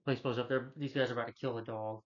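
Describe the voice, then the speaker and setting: Male reviewer, average pitch, rambling casual recap rant, muffled lo-fi sound. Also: fairly even intonation, quick pace. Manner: rambling, loose retelling full of "he's like". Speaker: movie reviewer. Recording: dull lo-fi recording.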